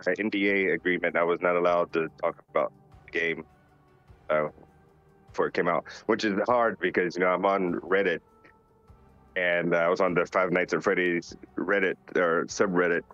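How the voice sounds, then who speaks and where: Deep-voiced laid-back man, dull lo-fi audio. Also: fairly bright tone. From North Carolina. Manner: laid-back, joking, reads questions aloud. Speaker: voice actor answering fan questions. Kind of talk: casual live Q&A. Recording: dull lo-fi sound with faint music behind. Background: faint music.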